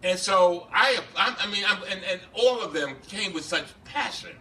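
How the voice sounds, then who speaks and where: A man, a congressman, giving an impassioned speech at a bar reception, halting and repeating himself, recorded from a distance. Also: high-pitched, expressive, pushed and bright. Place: bar reception room, indoors. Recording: distant camera with faint background noise.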